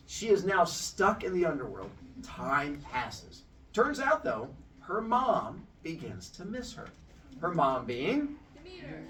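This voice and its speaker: Lively bright-voiced man telling a story. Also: recorded from a distance. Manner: playful, jumps into high squeaky voices for characters. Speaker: storyteller host. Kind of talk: casual comic retelling of a myth.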